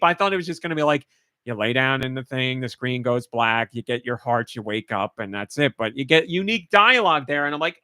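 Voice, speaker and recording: A man's voice: medium pitch, brisk, sharp tone, clear, resonant tone, no room sound, clean studio sound. Tearful, gushing man on a podcast. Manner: emotional, gushing, laughs while choking up. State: choked up, tearful. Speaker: podcast host. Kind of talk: casual chat.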